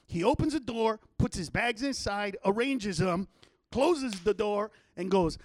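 Man, casual chat, animated storyteller, high voice, very dry recording. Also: unhurried, dry recording. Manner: animated, profane storytelling with acted quotes.

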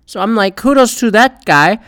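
Podcast host, young man, fast profane rambling rant, smooth and dry. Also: high-pitched, animated, fairly bright tone, dry recording.

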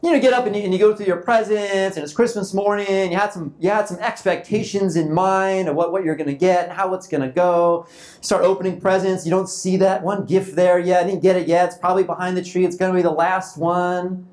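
A man's voice: sits high, fairly even intonation, a little fast, a little mellow. Guy pastor giving a laid back sermon, keeps restarting his sentences and repeats himself. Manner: informal, repeats and restarts phrases, acts out quoted thoughts. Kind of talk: conversational sermon.

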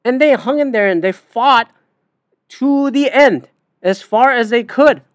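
A woman's voice: a little high, lively intonation, measured pace, dry recording, studio quality. A woman hosting a podcast, ranting bluntly and profanely in casual talk with many fillers. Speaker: podcast host. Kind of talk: casual opinion rant.

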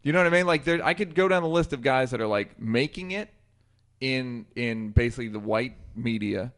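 A man's voice: medium pitch, animated, a little fast, fairly bright tone. A man co-hosting a casual podcast, loose and chatty, firing off curious questions. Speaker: podcast co-host.

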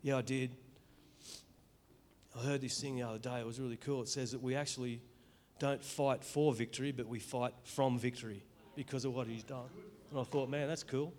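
A man's voice: mid-range voice, steady tone, darkish tone. Earnest Australian man testifying in church. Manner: earnest, emotional, halting with restarts. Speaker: church member giving testimony.

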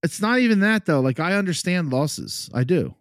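A man's voice: high voice, very animated, moderate pace, dry recording, studio quality. A man co-hosting a casual sports podcast, hesitant and teasing, often laughing. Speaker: podcast co-host.

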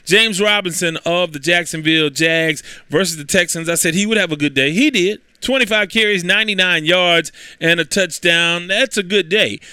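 A man's voice: fairly high pitch, bright, forceful tone, clear, resonant tone, dry recording. A man hosting a sports talk show, breezily recapping his weekly football picks with self-assured ease. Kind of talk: casual sports talk with predictions.

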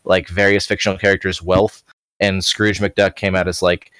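A man's voice: deep voice, flat delivery, moderate pace, a bit bright, smooth, dry recording. A man co-hosting a casual podcast chat, rambling a little and correcting himself as he goes. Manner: rambling, self-correcting, laughs often. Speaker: podcast co-host.

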